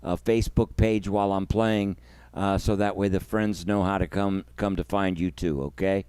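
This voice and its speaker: A man's voice: low voice, little pitch movement, normal speed, a little mellow, clean tone, no echo. A man hosting his own music livestream, talking emotionally and effusively, thanking viewers and guests by name. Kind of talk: casual livestream chat.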